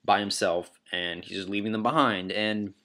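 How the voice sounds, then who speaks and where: A man's voice: on the low side, steady tone, moderate pace, bright, forceful tone. Rambling man counting down anime moments. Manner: rambling, filler-heavy, swears casually. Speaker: anime vlogger ranking moments. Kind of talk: casual countdown commentary.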